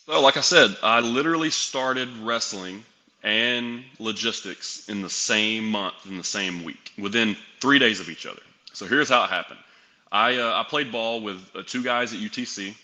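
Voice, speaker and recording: A young man from Tennessee tells a long story as a podcast guest. His voice is strikingly bright and forward. He plays out each exchange with lively quoted dialogue. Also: lowish voice. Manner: animated, acts out quoted dialogue. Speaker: guest, pro wrestler and sales executive.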